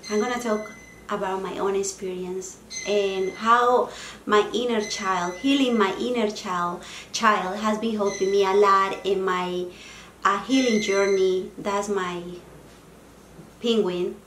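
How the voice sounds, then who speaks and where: Woman in her forties, Spanish accent, earnest heartfelt vlogger, mid-pitched, echoey room, faint hum behind. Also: fairly even intonation, takes it slowly, a bit bright. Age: 40s. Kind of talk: personal self-help vlog.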